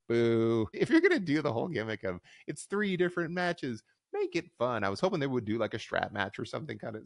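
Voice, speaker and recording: A man hosting a wrestling recap podcast, talking in a casual, opinionated and wry way, with quick restarts. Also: lowish voice, no room sound, clean studio sound. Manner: opinionated, wry, talks fast with filler restarts.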